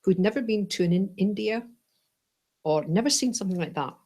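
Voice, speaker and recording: A woman teaching a Buddhist class, playful and animated, often checking in with "right?" and "yes?". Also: medium pitch, fairly quick.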